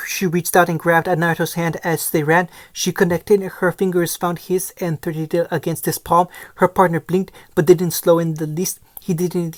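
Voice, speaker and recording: Woman narrating a story, lowish dry voice. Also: dry recording. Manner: frequent stumbles and self-corrections while reading. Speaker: fan fiction reader. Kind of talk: storybook narration read aloud.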